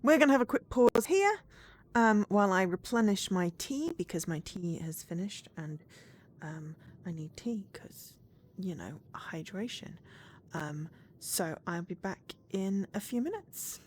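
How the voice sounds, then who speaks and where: A woman's voice: mid-range voice, animated, measured pace. A woman streamer chatting casually and rambling as she plays a game, laughing easily. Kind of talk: casual let's-play commentary.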